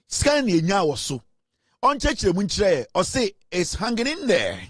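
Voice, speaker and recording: A high-voiced Ghanaian man hosts a political commentary show. He talks in an animated, mocking way and slips between English and Twi. His voice is recorded close and dry, with no room sound. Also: normal speed, slightly rough, dry recording. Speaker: host.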